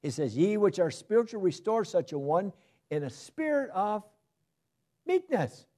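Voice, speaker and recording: A man preaching a sermon, shifting from loud emphasis to soft asides. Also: high-pitched, lively intonation, moderate pace.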